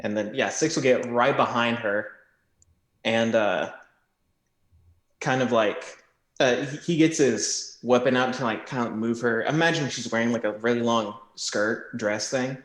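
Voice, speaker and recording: Man, tabletop player, slow, hesitant, fillers, echoey room. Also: medium pitch, a bit bright. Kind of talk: describing his character's actions.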